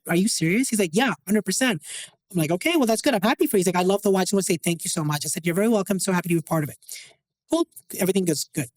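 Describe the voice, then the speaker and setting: A man's voice: high-pitched, low-quality recording. A man who deals watches, chatting as a guest on an interview show and acting out the dialogue in his stories. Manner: animated, acts out quoted dialogue. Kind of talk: casual interview storytelling.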